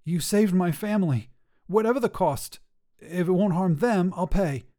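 A man's voice: high voice, moderate pace, warm tone, pitched above the performer's own voice, close to an everyday voice. A man voicing an earnest, loyal male gargoyle who works as a roofer, talking in a pleading, eager way.

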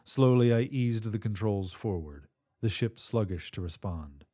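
A man's voice: lowish voice, expressive, unhurried, dark tone, dry recording, clean studio sound. A man reading a first-person sci-fi story aloud as scripted narration, in a tense and dramatic manner.

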